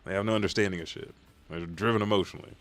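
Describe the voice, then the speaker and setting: A man hosting a live manga chapter reaction, recapping scenes in a profane, excitable way and acting out the characters' lines. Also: deep voice, racing.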